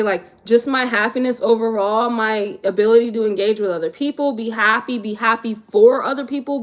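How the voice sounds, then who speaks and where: Chatty young woman, slightly high voice. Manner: chatty, laid-back, slangy. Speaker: vlogger answering live chat. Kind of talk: casual livestream chat.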